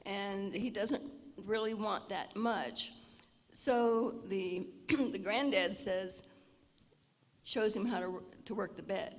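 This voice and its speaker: Gravelly-voiced woman lecturing in a hall. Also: medium pitch. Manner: often clears her throat. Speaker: health presenter at a seniors' event. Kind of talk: informal lecture with storytelling. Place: church hall. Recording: long reverb of a large hall.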